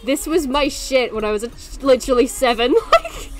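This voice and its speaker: A young woman in her twenties streaming a game, excitable and laughing often, swearing freely. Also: high-pitched, normal speed, faint music behind. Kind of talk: casual livestream commentary while gaming.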